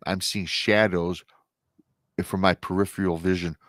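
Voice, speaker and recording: A man in his thirties, a podcast guest, telling a personal paranormal story in a casual, animated way and acting out the people he quotes. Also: low voice, normal speed, no room sound. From Michigan.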